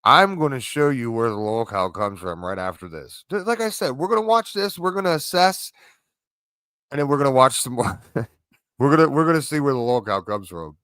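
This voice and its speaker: A man talking through clips as a reaction host, casual and a little halting. His voice is bright and clear. The recording is dry and close. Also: mid-range voice, very animated, no echo. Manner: casual, halting, with many fillers. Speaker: commentary host. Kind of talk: reaction commentary.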